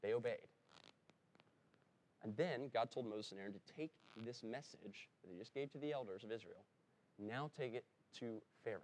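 A man's voice: medium pitch, normal speed, darkish tone. A man preaching a sermon in a conversational way, breaking into emphatic rises when he quotes someone, and stopping now and then to correct himself. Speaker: pastor. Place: church.

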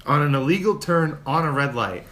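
A man in casual chat, telling a road-rage story with lots of swearing and shouted impressions of himself. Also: on the high side, fairly quick. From Spokane, Washington. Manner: animated, profane, mimics people in shouts. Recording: faint ambient noise.

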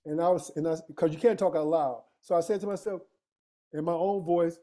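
A man's voice: sits high, normal speed, warm tone. A man telling a personal story in casual conversation, emphatic and street-casual, full of rhetorical questions to his listener. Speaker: guest.

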